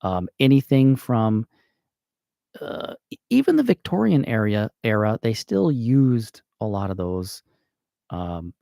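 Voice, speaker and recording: Slow, low-voiced American man explaining grammar. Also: very animated, vocal fry, warm tone, dry recording, clean studio sound. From United States. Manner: slow and thinking aloud, with fillers and self-corrections. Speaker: channel host. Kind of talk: casual grammar explainer livestream.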